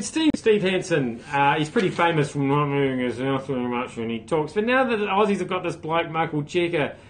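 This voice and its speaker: A man's voice: on the high side, a little hiss or hum. Wry New man hosting a livestream. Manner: wry, deadpan asides with sudden loud outbursts. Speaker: host. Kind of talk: solo comic monologue livestream. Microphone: phone camera.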